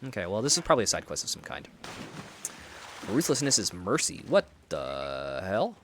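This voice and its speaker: An American man with a lowish voice that swings widely up and down, talking loosely through a game as he plays. He rambles and pokes fun at himself, restarting sentences as he chats with his viewers. A faint hiss sits under the recording. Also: wildly swooping pitch, moderate pace, fairly bright tone. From United States. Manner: rambling, self-deprecating, thinks aloud with frequent restarts. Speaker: streamer. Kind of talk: live gameplay commentary, chatting with viewers.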